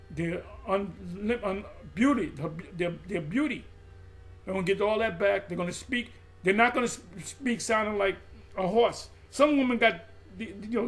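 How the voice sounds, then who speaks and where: A man's voice: sits high, vocal fry. A man preaching in an impassioned monologue, emphatic and repetitive, often stumbling and restarting mid-phrase. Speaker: religious group teacher.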